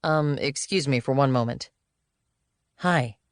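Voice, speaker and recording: A woman's voice: a bass voice, slow pace, dry recording, studio quality. A woman doing a breezy male boss. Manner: casual, breezy. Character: laid-back, evasive middle-aged male executive.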